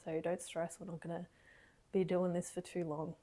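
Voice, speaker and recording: A woman leading a casual guided movement meditation from her lounge room, gentle and encouraging, a little out of breath. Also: on the low side, little pitch movement, moderate pace. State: slightly out of breath.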